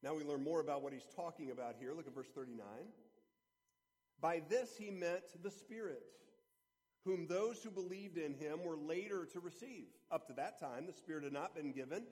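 A man's voice: on the high side, normal speed, darkish tone, big-room sound. A male pastor preaching a sermon in an earnest, conversational storytelling manner.

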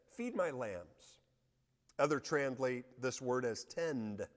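Earnest male pastor in a reverberant hall. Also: medium pitch. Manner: earnest, reads scripture aloud with emphasis. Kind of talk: sermon.

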